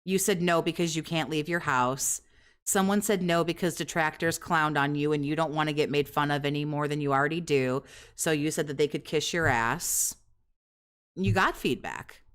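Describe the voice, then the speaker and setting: A woman hosts a reaction commentary, talking over a streamer's clips with open mockery. Her voice sits fairly low, and her tone stays sarcastic and profane. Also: moderate pace, a bit bright. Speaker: commentary host.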